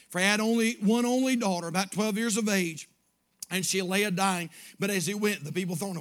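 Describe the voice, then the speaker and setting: A male pastor preaching a fervent revival sermon in church, climbing to shouted bursts and then dropping low and quiet, acting out pleading prayers. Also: fairly quick. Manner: acts out prayers and quotes in a pleading voice.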